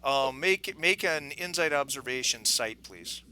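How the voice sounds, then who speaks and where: A man's voice: medium pitch, animated, a little slow, sharp tone, a little hiss or hum. A man narrating a tabletop game as game master, chatty with many fillers and restarts. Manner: chatty, frequent fillers and restarts, laughs often.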